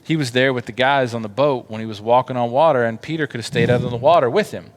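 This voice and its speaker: A man's voice: mid-range voice, fast talker. Male children's teacher, casual storyteller, slangy delivery. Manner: chatty, slangy, acts out quotes. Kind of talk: casual Bible story telling for kids.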